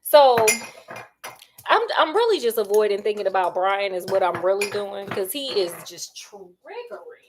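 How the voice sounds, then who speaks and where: A woman's voice: medium pitch, very animated, normal speed, noisy background. A woman, chatting while she cooks and gossiping about reality TV in a sassy, dramatic way. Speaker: cooking vlogger. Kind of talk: casual chat while cooking.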